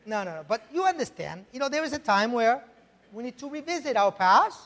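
A man's voice: extremely high pitch, sing-song, brisk, a bit bright. A male pastor preaching a sermon, emphatic, often checking in with "right?" and rhetorical questions. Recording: long hall reverb.

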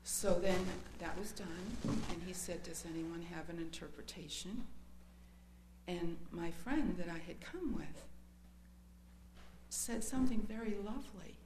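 An earnest woman with a slightly low voice tells her personal testimony, hesitant and emotional as she recounts it. She speaks in an echoey room with a faint hum behind her. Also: unhurried.

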